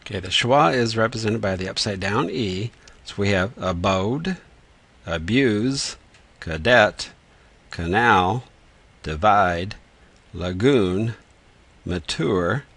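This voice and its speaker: A man teaching reading rules in a patient, methodical lesson, slowly sounding out words as he writes. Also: lowish voice, gravelly, fairly bright tone, breathy edge, no echo. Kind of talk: explanatory lesson with whiteboard.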